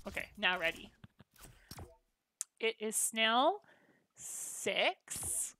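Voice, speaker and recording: A woman's voice: on the high side, big pitch swings, very slow, bright, forceful tone. A woman hosting a gaming livestream, chatting casually and bubbly with her viewers. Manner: bubbly, chatty, reacting to chat.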